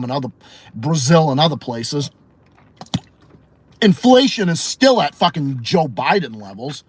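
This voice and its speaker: A man from Massachusetts with a Massachusetts accent, hosting a livestream podcast and ranting bluntly with heavy swearing while answering chat. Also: mid-range voice. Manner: profane, blunt and opinionated. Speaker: podcast host.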